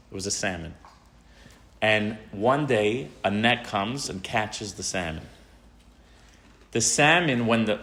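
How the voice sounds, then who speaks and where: A rabbi giving an informal, animated talk to teenagers. He tells a story and often asks the audience questions. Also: mid-range voice. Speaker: rabbi teaching teens.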